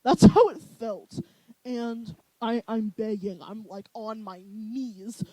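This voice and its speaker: A young co-host on a podcast, telling stories in an animated way and laughing often. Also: mid-range voice, slow, no echo, rough recording. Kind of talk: casual chat.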